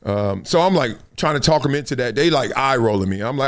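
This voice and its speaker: A man's voice: mid-range voice, lively intonation, fast talker, hardly any pauses. A middle-aged man with a Los Angeles accent hosting a live show, telling a casual story and acting out the scenes and quotes. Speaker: show host.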